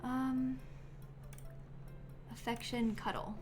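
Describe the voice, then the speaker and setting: A woman's voice: a little high, little pitch movement, very slow, over music. A woman streaming a life-sim game live, chatting casually with many ums and likes and giggling now and then.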